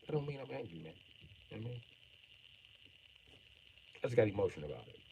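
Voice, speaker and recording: A middle-aged man ranting bluntly and profanely on a live stream, jumping from mutters to sudden shouts while joking around. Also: on the low side, very animated, fast, vocal fry, slight background noise, poor audio. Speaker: livestreamer.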